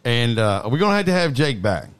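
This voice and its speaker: Laid-back male podcast host, lively pitch. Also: fast talker, crowd noise. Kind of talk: casual chat.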